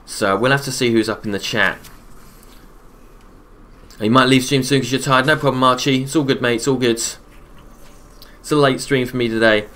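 Chatty man with a bright voice. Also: mid-range voice, normal speed, long pauses. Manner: reads chat messages aloud and answers viewers between play calls; relaxed, chatty, repeats his own phrases. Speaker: game streamer. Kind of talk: casual live-stream commentary while gaming.

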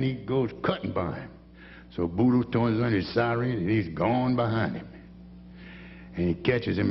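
A man with a low, gravelly voice teases his bandmates and spins folksy stories between tunes, speaking into a stage microphone at an outdoor jazz festival. The audio is dull and lo-fi, with a faint hum beneath it. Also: big-room sound. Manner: folksy storyteller, teasing the band members. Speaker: bandleader introducing his band. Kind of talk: on-stage joke-telling and band intros.

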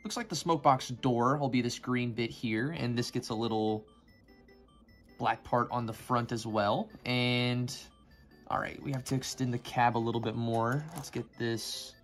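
A man's voice: medium pitch, fairly even intonation, a little slow, faint music behind. A man giving casual commentary on a toy build, rambling and joking as he goes. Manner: rambling, joking, easily sidetracked.

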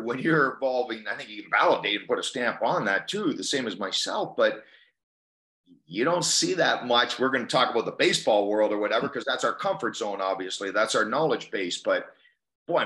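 A man co-hosts a casual podcast chat in a folksy, halting manner at a medium pitch. He repeats words and restarts phrases as he works his point out. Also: a bit bright.

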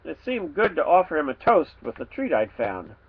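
A man's voice: on the high side, moderate pace, slightly rough, narrow, tinny audio. Man reading a children's book aloud. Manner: playful, expressive reading with animal sounds. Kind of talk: storybook read-aloud.

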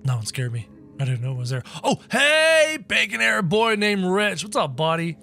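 A man doing excitable, jokey game commentary, yelping and shouting as he plays. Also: high-pitched, normal speed, vocal fry, faint music behind. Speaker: gaming channel host. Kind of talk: game commentary, playing in character.

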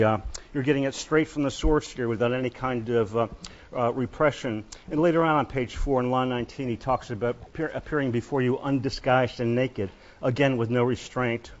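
Male professor, mid-pitched, halting classroom lecture with many fillers; muffled lecture-hall capture. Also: fairly even intonation. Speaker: literature lecturer.

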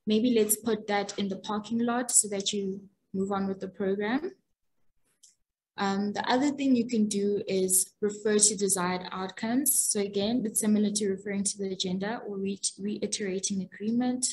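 A woman's voice: mid-range voice, steady tone, moderate pace, a little mellow, a little hiss or hum, low-quality recording. Woman facilitator explaining over a webinar. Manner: explanatory, frequent ums and restarts. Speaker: workshop facilitator. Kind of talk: webinar presentation. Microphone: video call.

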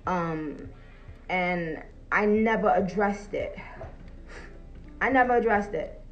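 A woman ranting casually and profanely on a live stream, animated and laughing, getting loud at her peaks. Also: mid-range voice, takes it slowly, highs cut off, faint music behind.

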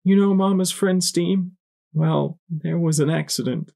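A tender mother mare speaks through tears, soft and loving, as a man voices her. Her voice rises well above his own. It is an audiobook read. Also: fairly high pitch, a little slow, gravelly, pitched above the performer's own voice. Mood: tearful tender. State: tearful.

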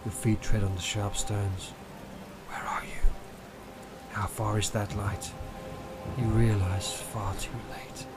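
A man's voice: on the low side, flat delivery, takes it slowly, over loud music, pitched below the performer's own voice. A man doing an over-the-top voice for a spoof insurance advert, in a theatrical voice-over delivery. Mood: ominous.

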